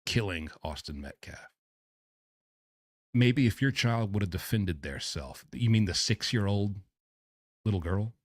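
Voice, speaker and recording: A man's voice: fairly low pitch, animated, a little slow, pauses often, dry recording, studio quality. A man streaming, reading messages aloud and reacting with sarcastic disbelief. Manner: incredulous, sarcastic.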